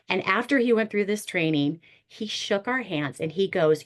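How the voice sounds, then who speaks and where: A woman therapist who leads ministry workshops, talking earnestly and with animated storytelling in a panel discussion. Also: medium pitch, normal speed, hardly any pauses.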